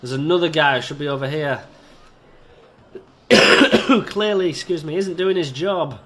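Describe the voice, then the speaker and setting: A man's voice: a little high, lively intonation, unhurried, fairly bright tone. A man giving casual, rambling, self-mocking commentary as he plays a park-building video game and talks to its little characters. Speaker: video game let's-player.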